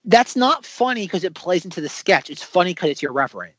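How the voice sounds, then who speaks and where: A man's voice: high voice, very animated, a little fast, fairly bright tone, no room sound. A man co-hosting a film podcast in casual chat, sarcastic and acting out quotes. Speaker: podcast co-host.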